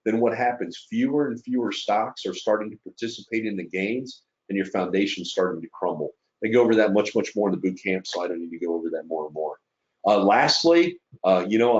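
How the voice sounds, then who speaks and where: Guy with a lowish voice talking trading to a class, heartfelt, lots of uh's and right?'s, kinda muffled audio. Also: a little mellow. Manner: earnest and emotional, filler-heavy, checks in with "right?". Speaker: trader presenting to fellow students. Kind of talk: casual webinar presentation.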